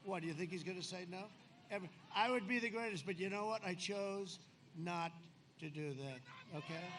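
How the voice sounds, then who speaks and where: A man's voice: sits high, bright, forceful tone. A man giving a rambling, boastful campaign speech at an outdoor rally, talking off the cuff. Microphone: podium microphone. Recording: noisy outdoor rally recording. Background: outdoor rally noise.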